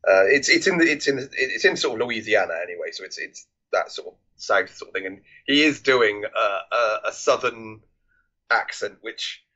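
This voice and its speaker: A man's voice: fairly low pitch, expressive, moderate pace, pushed and bright, dull audio. A man co-hosting a casual film review podcast, rambling with many restarts and swearing freely. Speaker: podcast co-host.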